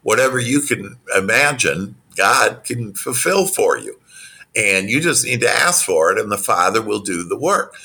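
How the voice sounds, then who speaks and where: A man working as a business coach, giving motivational answers in an interview with spiritual self-help phrasing and animated delivery. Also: moderate pace, gravelly, slightly rough. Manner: animated, acts out quoted dialogue in a higher voice.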